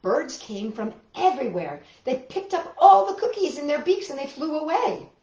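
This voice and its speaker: A woman hosting a children's storytime, reading aloud and singing with a gentle, clear delivery. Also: high voice, very animated, moderate pace, roomy sound, muffled recording.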